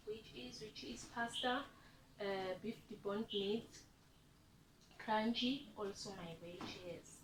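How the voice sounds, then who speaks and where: A woman demonstrating a recipe, explaining each step slowly and repeating herself. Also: medium pitch. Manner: slow, repetitive step-by-step explaining. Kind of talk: cooking demonstration. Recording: roomy, distant mic, loud background noise.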